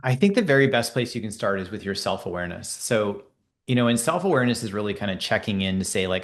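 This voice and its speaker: A middle-aged man, a leadership coach, explaining ideas in a podcast interview and acting out quoted conversations in lively voices. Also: fairly low pitch, quick pace.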